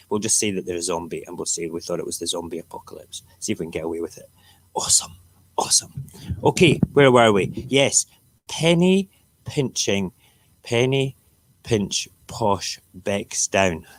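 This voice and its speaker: A middle-aged Scottish man with an Edinburgh accent hosts a relaxed live stream, leafing through the morning papers. His voice sits fairly low, and he rants and jokes with his viewers in a loose, chatty way. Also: brisk, dry recording. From Scotland. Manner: ranting, jokey, talks back to chat viewers. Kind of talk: casual morning chat reading newspapers.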